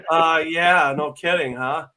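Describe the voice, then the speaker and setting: A man's voice: on the high side, fairly even intonation, slow, low-quality recording. A man in a casual online panel chat, speaking hesitantly with many fillers. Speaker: panel participant.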